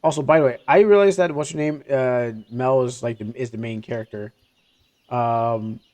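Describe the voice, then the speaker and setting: A man's voice: medium pitch, darkish tone. A man streaming a game live, chatting and commenting with many restarts.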